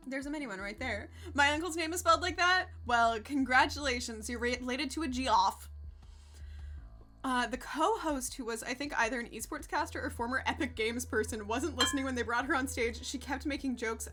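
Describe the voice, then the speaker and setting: A woman's voice: high voice, normal speed, bright, forceful tone, soft background music. A woman streaming live, chatting casually to her viewers, sarcastic, laughing often and swearing freely. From United States.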